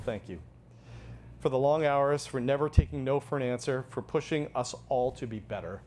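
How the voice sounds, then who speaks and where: A man's voice: medium pitch, darkish tone, slight background noise. Man giving an earnest award tribute. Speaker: award presenter. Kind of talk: prepared tribute speech. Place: event venue.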